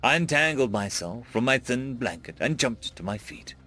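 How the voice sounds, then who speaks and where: A man's voice: lively intonation, normal speed, faint music behind. A man narrating a dramatic first-person story, raising his voice sharply for panicked lines. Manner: voices characters' panicked shouts with big pitch jumps.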